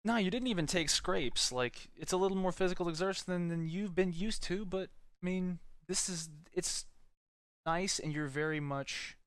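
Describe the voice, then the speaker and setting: A man running a tabletop game as game master, talking casually in a halting way. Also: high voice, a bit bright, clear, resonant tone, no room sound. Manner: casual, halting, restarts often.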